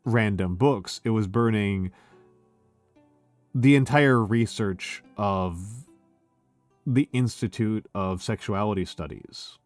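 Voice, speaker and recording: A man's voice: lowish voice, takes it slowly, long pauses, no room sound, soft background music. A man chatting casually on a drinking stream, tipsy and hiccuping, rambling and emphatic with lots of fillers. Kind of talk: casual chat.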